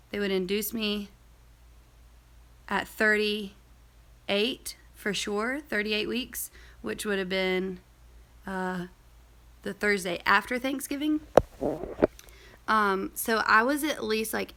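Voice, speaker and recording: A woman's voice: mid-range voice, gravelly, a bit bright. A young woman telling a personal story in a casual, rambling vlog, full of fillers and asides. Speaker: vlogger.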